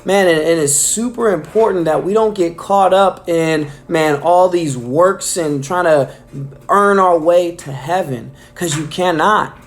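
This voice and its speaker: A man's voice: on the high side, unhurried. A man delivering a casual weekly devotional message, enthusiastic and filling his talk with "man" and "um". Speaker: preacher.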